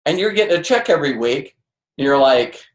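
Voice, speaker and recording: A man's voice: on the high side, expressive, a little fast. A man giving a motivational network marketing training to a live audience, emphatic and full of rhetorical questions. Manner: emphatic, rhetorical questions, acts out quoted voices. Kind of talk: motivational seminar talk. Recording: roomy echo.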